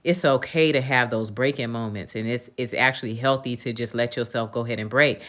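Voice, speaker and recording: A woman's voice: very deep voice, brisk, a bit bright. A woman in her forties talking casually to her livestream viewers, venting in a candid and emphatic way, with plenty of swearing. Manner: talks straight to viewers, often asks "you know what I'm saying". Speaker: livestream host.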